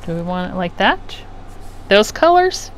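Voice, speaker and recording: A woman's voice: mid-range voice, big pitch swings, measured pace. A middle-aged woman hosting a craft channel, chatting casually and rambling as she works at home, often trailing off mid-sentence. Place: home craft room with an air conditioner running. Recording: faint air conditioner hum behind.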